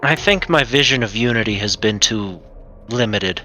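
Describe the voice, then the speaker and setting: A man's voice: on the low side, animated, normal speed, pushed and bright, a little hiss or hum. A man playing his character in a tabletop game, speaking earnestly and reflectively. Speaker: player. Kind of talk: in-character tabletop role-play.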